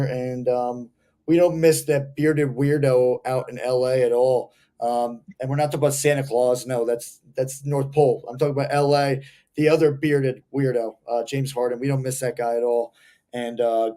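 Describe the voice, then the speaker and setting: A man's voice: medium pitch, level tone, normal speed, dark tone. A young man, co-hosting a casual sports podcast and ranting like a heated fan. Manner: rambling, heated fan rants. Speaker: podcast co-host.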